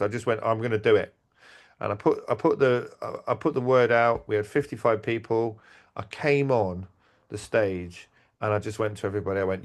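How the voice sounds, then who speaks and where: A man telling stories in casual talk, animated, acting out quotes and restarting his sentences. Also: on the low side. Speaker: event organizer and podcast guest. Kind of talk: casual conversational storytelling.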